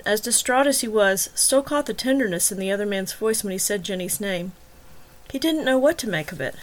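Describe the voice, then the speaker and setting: Woman reading a novel aloud. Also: medium pitch. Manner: measured, even storytelling. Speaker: author and audiobook narrator. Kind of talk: scripted narration of a serialized novel.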